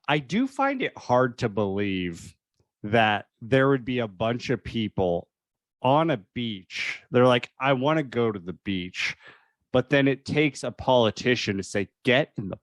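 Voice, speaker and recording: A man's voice: medium pitch, big pitch swings, no room sound, clean studio sound. Wry, laughing young man. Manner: laughs often, quick list-making, wry. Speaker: podcast co-host. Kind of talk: casual movie review chat.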